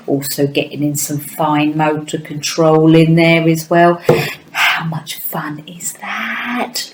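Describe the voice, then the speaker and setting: A woman teaching a children's phonics lesson, encouraging the children and sounding out words slowly for parents and children at home. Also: fairly low pitch, darkish tone. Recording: echoey room.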